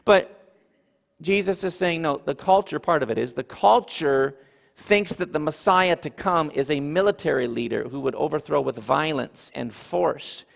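A man preaching a sermon as pastor, emphatic and animated, with asides to the congregation. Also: on the high side, moderate pace, vocal fry. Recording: reverberant hall.

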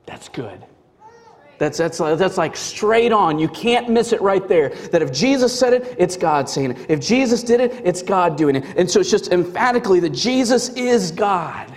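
Male pastor, sermon, high voice, very lively pitch, emphatic and casual, echoing church hall. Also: moderate pace. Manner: animated, emphatic, casual with many fillers. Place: church sanctuary.

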